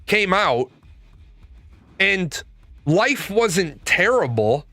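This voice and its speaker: Profane, animated man ranting on stream. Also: high-pitched, drawn-out words. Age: 40s. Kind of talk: ranting casual talk.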